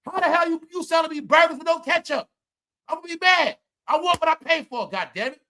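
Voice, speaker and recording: A man's voice: extremely high pitch, a little fast, bright, forceful tone. A man ranting comedically and profanely to his viewers, calling them y'all and preaching his point. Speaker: commentary vlogger.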